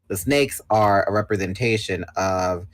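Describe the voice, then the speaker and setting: A man's voice: fairly low pitch, a little slow, dry recording, rough recording. A man in his twenties, chatting casually and bluntly as a guest on a livestream. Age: 20s. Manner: blunt, self-assured talker. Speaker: podcast guest.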